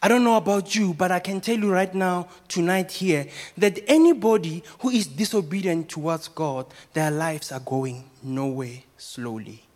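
A man's voice: high-pitched, moderate pace, few pauses, a little mellow. A man, a pastor, preaching a sermon and asking the congregation rhetorical questions.

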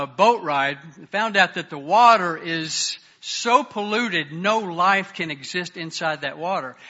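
A man preaching a sermon and reading scripture passages, earnest and fluent, often dropping his voice softly on the prayers. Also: sits high, lo-fi sound. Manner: earnest, varies loudness, drops soft on prayers. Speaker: pastor.

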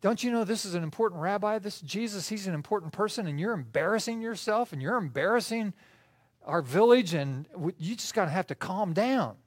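Guy doing embarrassed friends hushing someone, quiet and naggy. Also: high-pitched, lively intonation, brisk, no echo. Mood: scolding. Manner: hushed, scolding. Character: embarrassed villagers scolding a friend.

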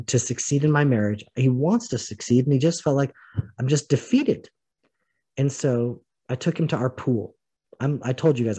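A man's voice: medium pitch, husky, low-quality recording. A man teaching the Bible in a recorded live online session, telling stories with energy and acting out the people he quotes. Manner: animated storytelling, acts out the people he quotes.

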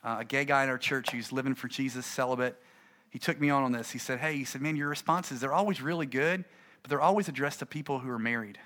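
A middle-aged man, a pastor, gives an animated, conversational talk to fellow preachers and acts out his stories. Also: medium pitch, fast.

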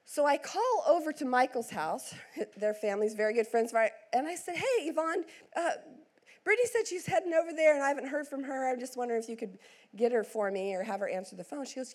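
A middle-aged woman pastor tells a family story from the pulpit in a slightly high voice. She throws herself into the quoted lines, swinging her voice up and down as she goes. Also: fast talker. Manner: animated, acts out quotes with big swings in voice. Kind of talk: sermon storytelling.

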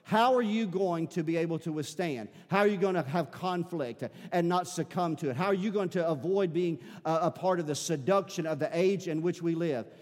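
A man's voice: a little high, fairly quick, hardly any pauses. A man preaching a sermon as pastor, building emphasis with repeated calls to his congregation. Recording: long hall reverb.

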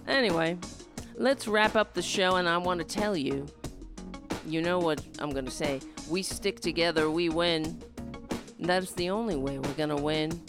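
A woman hosting her own show, rambling and rallying her supporters with a hoarse, cracking voice. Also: lowish voice, moderate pace, music in the background. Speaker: livestream show host. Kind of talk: casual livestream chat.

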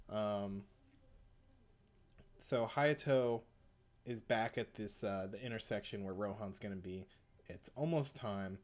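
A man's voice: lowish voice, slow pace, long pauses. A man retelling an episode in casual chat, rambling, swearing and laughing often.

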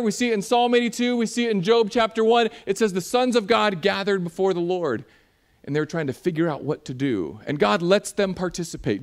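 A man preaching a sermon in a church, animated and jokey, acting out voices as he talks. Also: high voice. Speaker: pastor.

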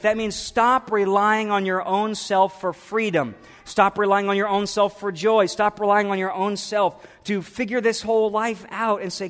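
Pastor, high-pitched and impassioned, delivering a sermon in a reverberant sanctuary. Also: male voice, unhurried. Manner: impassioned preaching, swinging from hushed to loud. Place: church sanctuary. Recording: long reverb of a church hall.

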